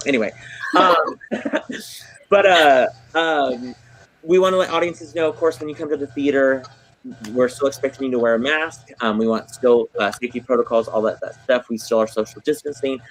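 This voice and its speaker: A man's voice: medium pitch, brisk, rough recording. A man hosting a casual livestream chat for a theater, effusive and gushing, full of ums. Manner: effusive, gushing, many fillers. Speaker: theater host.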